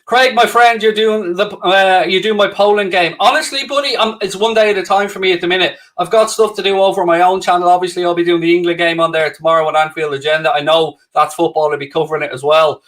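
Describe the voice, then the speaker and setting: A man's voice: high voice, fairly even intonation, fast, few pauses, a bit bright. A young Irish man hosting a live watchalong stream, reading out viewer comments in cheerful, self-mocking banter. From Ireland. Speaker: livestream host.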